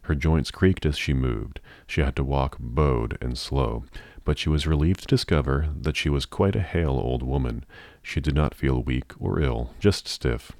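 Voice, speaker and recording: A man narrating a novel in a measured, even storytelling manner. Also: a bass voice, vocal fry, no room sound, studio quality. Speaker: audiobook narrator.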